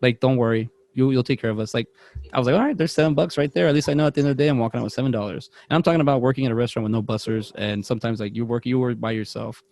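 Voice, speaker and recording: Speaking rapid-fire in a mid-range voice, this podcast co-host spins a long, rambling work story during casual conversation. He's animated, interrupts himself, and performs the quotes of the people in his tale.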